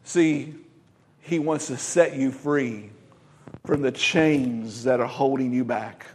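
A man preaching a Pentecostal sermon, emphatic, swinging from loud exclamations to quiet asides. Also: medium pitch, slow pace, in a large hall, slight background noise. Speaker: pastor.

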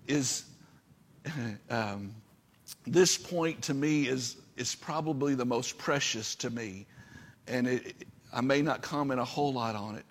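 A man's voice: mid-range voice, in a large hall. A man preaching a sermon as pastor, earnest and building to impassioned peaks.

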